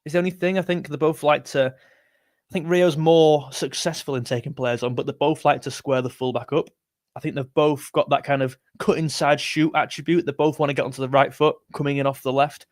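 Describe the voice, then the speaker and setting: Casual male streamer, a touch high-pitched, dry close mic, chats loosely through comments. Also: fairly even intonation, brisk, no room sound. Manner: chatty, rambling, self-correcting. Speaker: football livestream host. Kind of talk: live stream chat reading comments.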